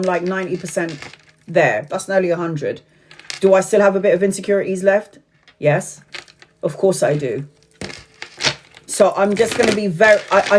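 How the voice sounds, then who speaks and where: A woman's voice: mid-range voice, a little hiss or hum. A woman in her forties from Brazil, reading tarot on a live stream, blunt and chatty, swearing freely and laughing often. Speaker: tarot reader.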